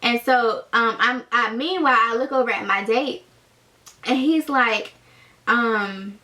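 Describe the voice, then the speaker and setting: A young woman tells a storytime vlog in a chatty, animated way, leaning on fillers. Her voice sits a little high and sounds very bright. She has the easy, rambling pace of someone talking straight to her viewers. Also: unhurried. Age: young adult. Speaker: vlogger.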